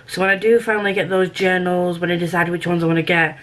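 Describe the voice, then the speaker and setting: A woman's voice: on the low side, fairly even intonation, fast talker, low-quality recording. A British woman chatting casually in a book review vlog, rambling and self-deprecating, often restarting her sentences.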